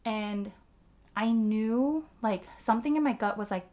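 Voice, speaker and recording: Speaking at a measured pace, this woman has a medium-pitched, darkish voice. She shares a personal story candidly in casual conversation, cursing without hesitation and using "like" constantly as filler.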